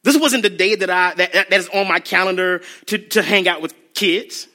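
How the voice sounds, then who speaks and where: Bright, high-voiced preacher man. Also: normal speed. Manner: animated, acts out bits, laughs. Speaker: youth ministry speaker. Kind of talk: sermon.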